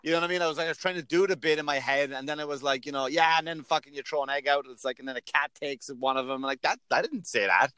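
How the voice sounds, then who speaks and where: A man's voice: fairly high pitch, fairly even intonation, quick pace, few pauses, sharp tone, clear, resonant tone. Rambling, swearing comedian man. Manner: rambling, profane, self-mocking. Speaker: comedian and podcast host. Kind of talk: casual chat.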